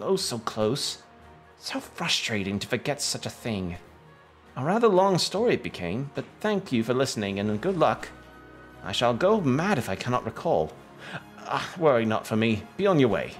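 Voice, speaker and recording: A man's voice: mid-range voice, sing-song, moderate pace, faint music behind, natural voice. A man putting on a rambling, forgetful village wife. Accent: attempted British accent. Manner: old-fashioned storybook phrasing, rambling. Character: forgetful village wife, middle-aged woman, chatty.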